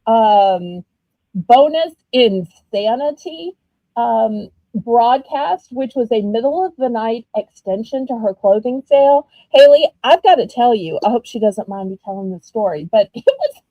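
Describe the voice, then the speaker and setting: A woman with a Southern US accent, chatting casually while running a live-stream auction, animated and full of ums. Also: on the high side, measured pace, dry recording, dull audio.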